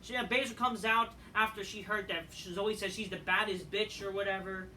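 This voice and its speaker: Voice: mid-range voice, fairly even intonation, moderate pace, sharp tone. Scornful foul-mouthed ranting recap voice. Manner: crude, scornful, ranting, swears constantly. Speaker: wrestling show reviewer. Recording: distant mic with faint noise.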